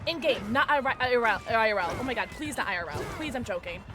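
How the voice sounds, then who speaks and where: A woman streamer giving live gaming commentary, excitable and playful, often squealing and laughing. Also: a little high, fast. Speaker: livestreamer.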